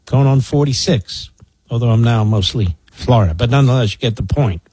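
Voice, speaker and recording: Guy in his 60s doing talk radio, husky dry voice, sarcastic and mocking, leans hard on words. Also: mid-range voice, brisk, darkish tone, no room sound, poor audio. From Philadelphia area, US. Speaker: radio talk show host. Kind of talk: political talk radio commentary.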